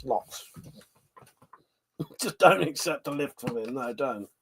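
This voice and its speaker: A man's voice: medium pitch, animated, slow, slight background noise. A man hosting a live stream, chatting casually with viewers and laughing often between jokes and swearing.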